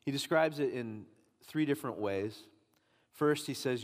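A man's voice: medium pitch, unhurried. A man preaching a sermon as pastor, emphatic and pressing his points with repetition. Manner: emphatic preaching, rising and pressing on key lines. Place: church sanctuary. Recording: long reverb of a large hall.

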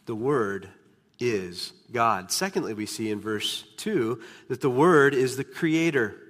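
A man preaching a sermon as pastor, emphatic, slowing down and dropping to a hush on key words. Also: mid-range voice, animated. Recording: long reverb of a large hall.

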